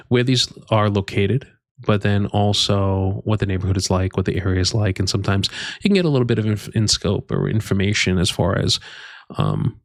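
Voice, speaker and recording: A man with a lowish voice walks through job-hunting advice in a measured, unhurried way, pausing on fillers and restarting his sentences. The sound is dry and close, with no room around it. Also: dry recording. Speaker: career advice presenter. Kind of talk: instructional talk to camera.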